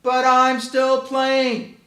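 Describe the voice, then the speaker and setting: A man voicing a whiny, complaining cat that stands for a sulky child, in a high, petulant whine. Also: monotone, very slow, sharp tone, exaggerated voice. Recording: roomy echo.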